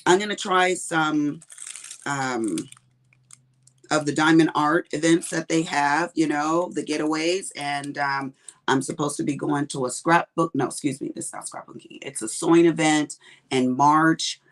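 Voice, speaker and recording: Middle-aged Texan woman, warm and chatty, a livestream host who rambles and says honey a lot. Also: deep voice, fairly even intonation, measured pace. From Texas. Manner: chatty, rambling, calls viewers honey and baby. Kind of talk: casual chat with viewers while diamond painting.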